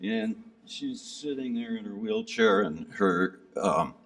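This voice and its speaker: A man's voice: on the low side, very animated, takes it slowly, vocal fry. A man casually recounting a pilgrimage to a gathering, rambling and self-deprecating with many fillers. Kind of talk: casual storytelling talk. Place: gathering hall. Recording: speaker somewhat far from the mic.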